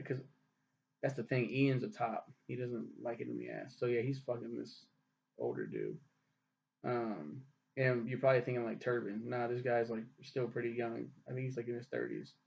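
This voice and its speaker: A man's voice: mid-range voice, normal speed, vocal fry, darkish tone. A young man casually reviewing a TV show, rambling and ranting with lots of swearing. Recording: dull lo-fi recording.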